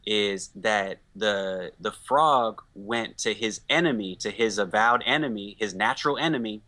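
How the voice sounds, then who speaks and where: A man makes his case earnestly in a discussion and keeps pausing on filler words. His voice sits low but sounds bright. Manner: earnest, hesitant with many fillers. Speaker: panel guest.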